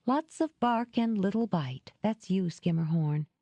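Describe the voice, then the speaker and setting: A woman's voice: mid-range voice, expressive, measured pace, warm tone, dry recording, close to an everyday voice. A woman voicing a playful, theatrical young woman who teases and fakes tears. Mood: teasing. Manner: teasing, theatrical, tearful act.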